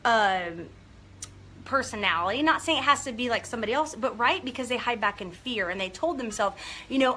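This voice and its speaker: A woman business coach talking casually and excitedly to viewers on a live video and calling out their names. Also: on the high side, brisk, husky. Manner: upbeat, gushing, talks to viewers by name.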